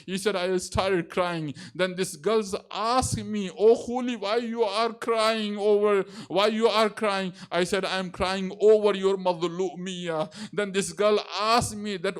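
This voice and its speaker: A man preaching a religious sermon, telling a story fervently with halting fillers. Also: sits high, smooth.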